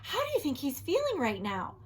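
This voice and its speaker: Animated woman teacher reading a storybook aloud. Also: high-pitched, a little fast. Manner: animated, asks the listening children questions, drops to a whisper. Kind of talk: children's storybook read-aloud.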